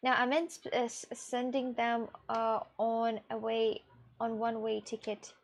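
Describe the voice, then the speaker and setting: A woman's voice: a little high, flat delivery, unhurried, a little hiss or hum. A young woman streamer from Russia, chatting casually with viewers in a rambling way, with gasps and restarts. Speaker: live streamer.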